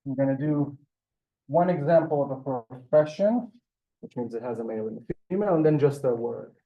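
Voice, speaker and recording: A man's voice: mid-range voice, lively intonation, brisk, muffled recording. A man teaching a language class in a classroom. He explains patiently and step by step, and often checks that the class is following. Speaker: Hebrew teacher. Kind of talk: classroom lesson.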